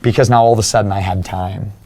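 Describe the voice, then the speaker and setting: Earnest low-voiced man telling his story. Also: steady tone, quick pace, a little mellow. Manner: earnest, acts out remembered dialogue. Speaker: podcast guest, fitness coach. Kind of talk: personal storytelling in an interview.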